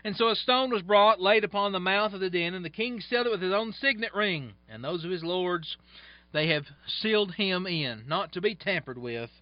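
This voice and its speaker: A man's voice: high-pitched, animated, normal speed, no room sound. A man preaching a sermon, reading scripture aloud and explaining it in plain, folksy asides. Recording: dull, dry, lo-fi sound.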